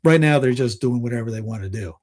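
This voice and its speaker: A man with a medium-pitched, darkish voice speaks at a quick pace as he hosts a casual political news rundown. He reads headlines aloud, then veers into sarcastic asides with small chuckles, often restarting and using filler words.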